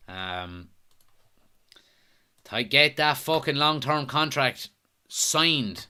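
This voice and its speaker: A man's voice: medium pitch, expressive, drawn-out words, pushed and bright, clear, resonant tone. An Irish man hosting a live football watchalong stream, chatting casually, reading out viewer comments and answering them. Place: at home.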